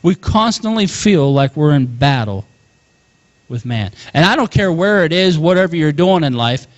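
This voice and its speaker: High-voiced animated male preacher. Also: moderate pace, dull audio. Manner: animated, calls out to congregation, chuckles often. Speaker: pastor. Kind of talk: sermon.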